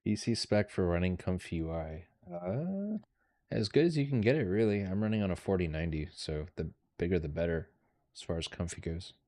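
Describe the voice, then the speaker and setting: A man with a very low voice talks casually while testing chatbots, demanding and blunt. The recording is close and dry, with no room echo. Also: expressive, a little fast, mellow. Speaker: vlogger testing AI. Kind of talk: casual chat.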